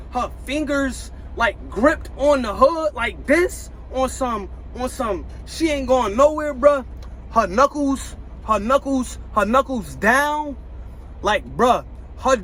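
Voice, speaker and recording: A truck driver vlogger tells his viewers a story in loose street slang, circling back over the same phrases. His voice sits high for a man, and a faint vehicle hum carries under his words. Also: a bit bright, low-quality recording. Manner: slangy, repeats phrases, addresses viewers directly. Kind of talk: casual storytelling to camera.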